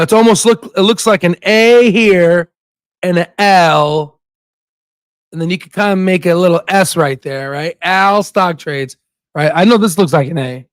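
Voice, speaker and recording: A man hosting a casual stock investing livestream, joking and hyping, with sudden shouted bursts and constant "right?" asides. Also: on the high side, clean tone, dry recording.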